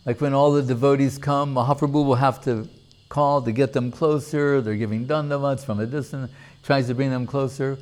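A man telling a devotional story as a sermon, in an unhurried, deliberate manner. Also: mid-range voice, steady tone, a little mellow. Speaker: religious storyteller.

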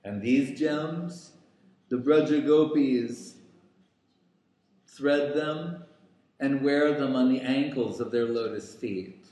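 A man giving a scriptural lecture in a very slow, deliberate way, pausing often with fillers. His voice sits in a middle register. It echoes heavily around a reverberant room. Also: medium pitch, dark tone. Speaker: spiritual teacher.

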